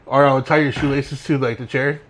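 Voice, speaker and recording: A man's voice: medium pitch, flat delivery, a little fast, a crowd in the background. A young man co-hosting a podcast, telling rambling, laid-back stories and laughing as he goes. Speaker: podcast co-host. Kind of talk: casual storytelling chat.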